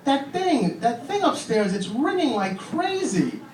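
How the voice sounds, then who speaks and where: A man voicing an excited six-year-old girl, whining and breathless. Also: very high-pitched, measured pace, voice pushed up, heavily acted. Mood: excited, urgent. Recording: echoey club from far off. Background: audience laughter and noise.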